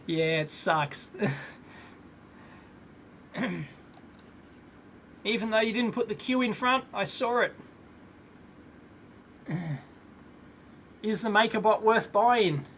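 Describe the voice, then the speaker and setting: Man, thirties, live-stream host, casual and rambling, clears throat a lot, faint room noise behind. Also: high-pitched, very slow, pauses often, fairly bright tone. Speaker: electronics video host.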